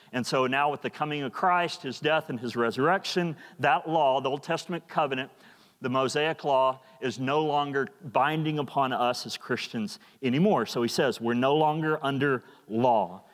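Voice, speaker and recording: A man preaching a sermon in a church, earnest and emphatic, often repeating words. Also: medium pitch. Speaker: pastor. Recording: long hall reverb.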